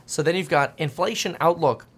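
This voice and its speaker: A man giving casual, animated market commentary, reading news aloud with jokey asides and mocking quoted voices. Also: on the high side, moderate pace, husky. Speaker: finance commentator.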